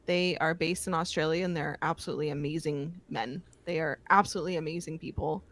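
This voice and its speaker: A woman's voice: sits low, steady tone, fast talker, a bit bright. A woman guest on an interview, a voice actor, easygoing and enthusiastic, laughing often. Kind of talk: casual online interview.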